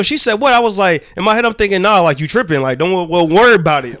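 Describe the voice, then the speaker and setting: A man's voice: high voice, brisk, hardly any pauses, no room sound, muffled recording. Loose-talking man telling profane stories. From Virginia, US. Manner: loose, profane, laughing anecdotes with many "like" fillers. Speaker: storyteller. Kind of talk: casual storytelling chat.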